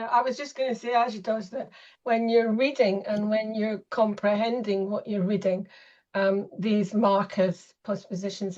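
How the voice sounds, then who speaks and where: A woman student speaking thoughtfully in an online class and pausing to gather her thoughts. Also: mid-range voice, warm tone, muffled recording.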